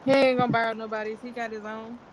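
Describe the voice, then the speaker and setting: A woman's voice: fairly high pitch, little pitch movement, fast talker, a crowd in the background. A woman co-hosting a casual podcast, asking wry, dry questions. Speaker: podcast co-host. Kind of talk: casual group podcast chat. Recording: noisy remote call.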